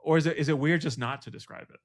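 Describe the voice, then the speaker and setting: A man's voice: on the high side, fast talker, no echo. A man co-hosting a podcast in casual book club chat, playful and laughing as he riffs on jokes, recorded on a dry close mic. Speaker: podcast co-host.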